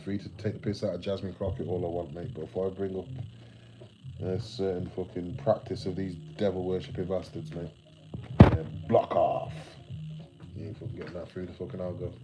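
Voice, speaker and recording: Very deep-voiced man, sleepy streamer. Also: level tone, fast, music in the background, rough recording. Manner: rambling, heavy swearing, laid-back slang. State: sleepy, yawning. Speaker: livestreamer. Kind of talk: late-night livestream chat.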